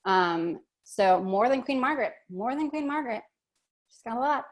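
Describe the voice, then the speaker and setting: A woman's voice: on the high side, animated, normal speed. A woman teaching an online workshop lesson, chatty and thinking aloud with many fillers and restarts.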